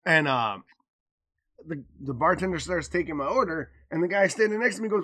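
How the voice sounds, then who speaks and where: A man's voice: fairly high pitch, expressive, a little fast, bright, forceful tone. Profane American man telling stories. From United States. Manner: loose, profane storytelling. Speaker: podcast co-host. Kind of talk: casual podcast chat.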